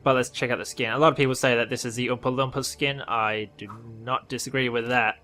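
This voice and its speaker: A man's voice: medium pitch, fairly even intonation, fast, sharp tone. An Australian man casually commenting on a game update, rambling and correcting himself as he goes. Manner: rambling, self-correcting, offhand. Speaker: gaming video host.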